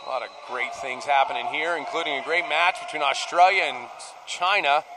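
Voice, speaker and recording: A man giving live play-by-play commentary, rising to shouts on big plays, heard over a noisy arena broadcast. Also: on the high side, fairly quick, vocal fry. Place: poolside at an indoor arena.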